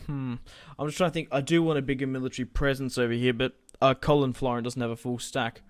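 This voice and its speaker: A man talks through a strategy battle as he plays, casual and unscripted. His voice is smooth and resonant at a mid pitch, and he thinks out loud and curses when the fight turns against him. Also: dry recording. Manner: casual, thinking aloud, swears when frustrated. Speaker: gaming channel host. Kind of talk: live strategy game commentary.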